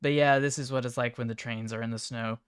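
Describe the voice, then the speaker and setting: A man livestreaming, reacting to chat images in an offhand, mumbling way with sudden excited outbursts. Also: mid-range voice, fast talker, smooth, no echo, studio quality. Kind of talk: casual live-stream commentary.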